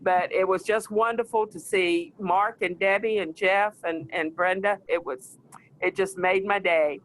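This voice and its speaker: A person speaking in a reflective, halting way on a family video call. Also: medium pitch, steady tone, a bit bright, a little hiss or hum, rough recording.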